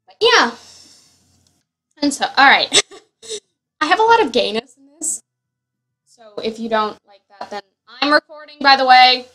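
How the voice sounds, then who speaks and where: A woman's voice: sits high, big pitch swings, normal speed, pauses often, pushed and bright, rough recording. A young woman giving casual, rambling commentary on her Sims family, full of fillers and self-corrections. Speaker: Sims player.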